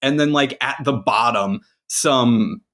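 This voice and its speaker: A man's voice: medium pitch, takes it slowly, a bit bright. A man co-hosting a comic book podcast, laughing along and adding his own casual takes. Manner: laughs along and chimes in with agreement. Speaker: podcast co-host.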